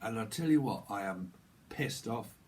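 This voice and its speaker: A man voicing a gruff, annoyed man from the north of England with a Northern English accent, insistent and repetitive. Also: fairly low pitch, animated, moderate pace, darkish tone, distant mic, voice pushed down, close to an everyday voice. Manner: blunt, insistent, repeats himself.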